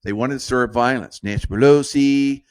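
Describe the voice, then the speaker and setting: A man's voice: mid-range voice, moderate pace, darkish tone, smooth, no room sound. A man giving rambling, casual political commentary, drifting off topic and laughing at his own jokes.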